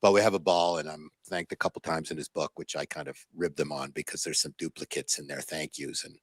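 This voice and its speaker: A man in his sixties telling stories as an interview guest, animated, with many restarts and fillers. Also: very deep voice, a little fast, breathy edge, no echo. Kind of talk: casual interview storytelling.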